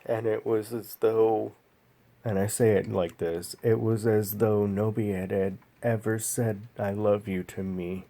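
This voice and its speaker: A man vlogging a personal story in a slow, halting, emotional way, pausing often. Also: fairly low pitch, fairly even intonation, creaky, dark tone.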